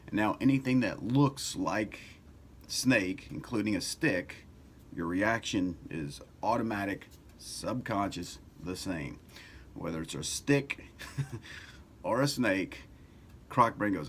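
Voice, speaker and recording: A middle-aged man hosting a casual self-help talk, loose and conversational, who swears now and then and grows louder and more animated as he goes. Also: lowish voice, slow, a little hiss or hum. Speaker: self-help author and video host. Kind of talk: casual motivational talk to camera.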